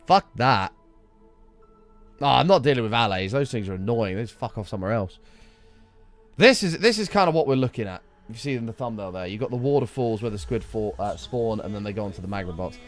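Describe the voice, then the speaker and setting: Chatty streamer, lively voice. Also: male voice, medium pitch, dry recording. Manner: chatty, muttering asides, thanking viewers, reacting to a video. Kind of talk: casual live-stream commentary. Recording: faint background music.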